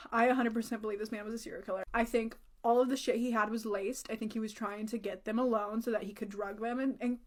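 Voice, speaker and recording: A woman's voice: on the high side, steady tone, fast talker. A woman casually recounting a creepy story from a friend, talking loosely with lots of "like" and casual swearing. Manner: chatty, says "like" often, swears casually.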